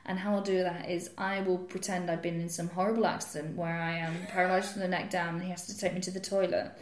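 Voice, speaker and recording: A woman's voice: on the low side, flat delivery, fast talker, background noise. A young woman co-hosting a comedy podcast, telling bawdy, sweary stories with frequent laughter. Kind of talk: casual comedic chat. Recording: roomy echoey podcast room.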